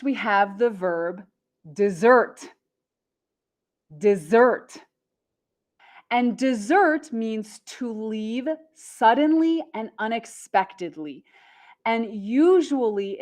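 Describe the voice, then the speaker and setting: Woman, English teacher, very slow, careful enunciation, repeats words. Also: medium pitch, darkish tone. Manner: repeats words slowly with exaggerated stress.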